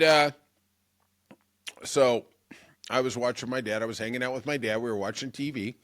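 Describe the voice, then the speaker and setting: A man's voice: medium pitch, a bit bright. A middle-aged man hosting a political podcast, rambling through a jokey, self-mocking monologue. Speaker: podcast host. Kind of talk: casual comic monologue.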